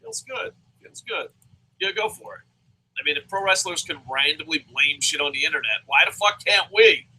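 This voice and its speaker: A young man rants through a wrestling review, sarcastic and swearing nonstop, bursting into shouted mock voices. His voice is slightly high and very bright and cutting. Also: lively intonation, fairly quick, husky, poor audio. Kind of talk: profane comedic rant.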